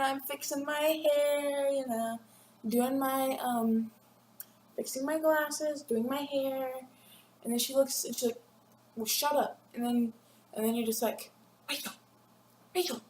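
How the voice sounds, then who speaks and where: A teenage girl rambling and giggling through a casual vlog, acting out classmates in quick voices. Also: high-pitched, a little mellow, slight background noise. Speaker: vlogger. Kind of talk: casual chat to camera. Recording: echoey room with faint ambience.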